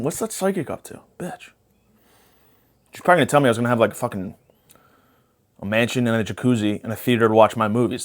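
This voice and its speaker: A young man hosting a podcast, rambling through a profane comedic monologue while spacey after a panic attack. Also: mid-range voice. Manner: profane, rambling, jumps between topics. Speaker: podcast host.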